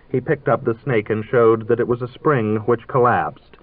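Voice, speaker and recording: Male narrator, measured literary reading, dry close sound, tinny phone-like old radio. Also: mid-range voice, fairly even intonation, no room sound. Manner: measured, dryly ironic storytelling.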